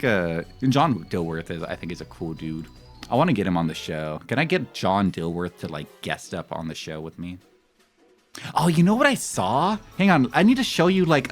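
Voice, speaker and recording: Man, 30s, low voice, very lively intonation, rambling casual stream chat, faint background music. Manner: rambling, animated and nostalgic, breaks into laughter. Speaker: live streamer.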